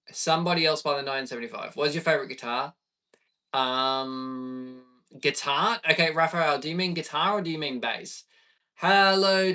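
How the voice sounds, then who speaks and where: An Australian man in his thirties, a bass player chatting easygoing with viewers on a live stream. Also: bright, forceful tone, distant mic. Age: 30s. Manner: chatty and easygoing, reading viewer questions aloud.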